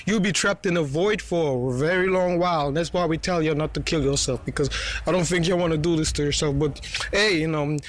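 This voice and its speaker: High-voiced young man rambling casually. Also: brisk. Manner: laughs often, many fillers and restarts. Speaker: vlogger. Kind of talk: rambling casual storytelling to camera.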